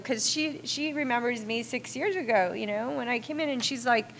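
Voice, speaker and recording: A woman's voice: fairly high pitch, moderate pace, slight background noise. Candid, swearing woman sharing her story. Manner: candid, swears often, many fillers. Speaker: meeting speaker. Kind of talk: personal recovery share.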